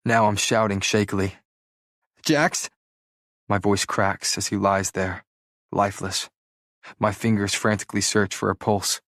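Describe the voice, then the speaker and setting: Guy with a lowish voice reading an audiobook, dramatic and urgent, acts out the lines, dry close sound. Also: fairly bright tone, dry recording. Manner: dramatic, urgent storytelling with acted dialogue. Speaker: audiobook narrator. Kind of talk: first-person audiobook narration.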